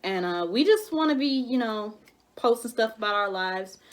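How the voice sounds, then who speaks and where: A woman's voice: on the high side, animated, moderate pace. Chatty young woman hosting a mukbang. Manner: chatty, laughs often, restarts sentences. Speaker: YouTuber and host. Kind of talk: casual mukbang chat.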